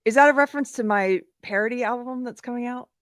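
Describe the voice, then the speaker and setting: A woman's voice: fairly high pitch, fast. A woman with a Southern American accent hosting a casual live-stream chat, laughing often. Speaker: podcast host.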